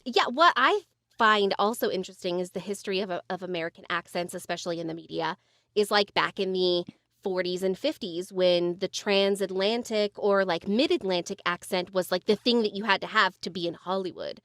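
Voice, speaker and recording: A woman's voice: medium pitch, fairly quick, fairly bright tone, no room sound, clean studio sound. Woman voiceover actor explaining. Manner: explanatory, many fillers. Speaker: voiceover actor podcast host. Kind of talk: casual chat.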